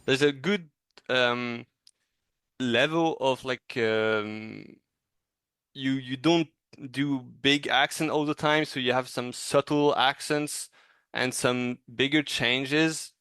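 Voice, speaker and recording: Halting, encouraging male animation reviewer. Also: mid-range voice, fairly bright tone, clean tone, no room sound. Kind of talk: casual teaching critique.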